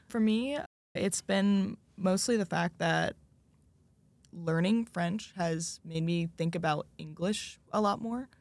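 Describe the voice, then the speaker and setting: A man's voice: sits high, slow pace, dry recording. A young man, a French student from the United States, talking casually on a student panel, rambling and searching for examples with plenty of fillers.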